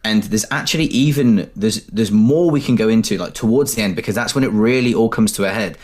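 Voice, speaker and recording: A podcast co-host with a fairly low, brisk voice animatedly retells film scenes in casual conversation, acting out the movie lines as he goes.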